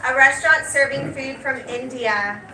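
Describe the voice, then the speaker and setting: A woman teacher, leading a class in a brisk, direct way and often checking in with "okay?". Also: high voice, pushed and bright. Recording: roomy and noisy classroom, picked up from a distance.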